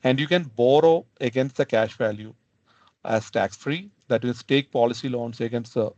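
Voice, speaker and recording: A man presenting a financial planning webinar, explaining in a halting way and often checking in with "okay?". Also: mid-range voice, a little mellow, no echo. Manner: halting, adds "okay?" after points. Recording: dull lo-fi webinar audio.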